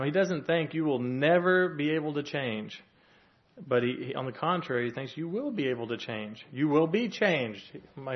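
Earnest man preaching, dull lo-fi sound. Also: mid-range voice. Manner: earnest, plain-spoken, with many fillers and restarts. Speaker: lay preacher soon to be a pastor. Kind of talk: conversational sermon. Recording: dull lo-fi recording.

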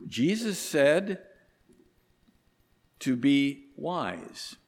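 Slow-preaching man in a reverberant hall. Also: a little high, big pitch swings. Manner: slow, deliberate preaching with emphatic rises on key words. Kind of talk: sermon. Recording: long reverb of a large hall.

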